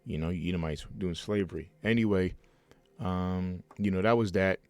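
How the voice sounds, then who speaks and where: A man's voice: deep voice, normal speed, a little mellow, no room sound, soft background music. A man preaching a heated, rambling sermon at home, reading scripture and breaking off into fiery asides with many restarts.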